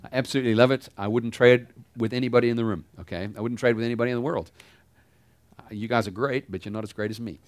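A pastor giving a sermon in a conversational style, asking the congregation rhetorical questions. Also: male voice, mid-range voice, steady tone, quick pace, no room sound.

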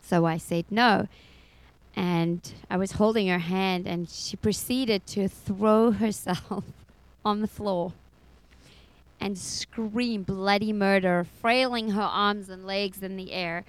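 A woman's voice: mid-range voice, steady tone, takes it slowly, smooth, low-quality recording. A middle-aged woman giving a personal faith testimony as a foster mother, telling her story expressively and laughing often.

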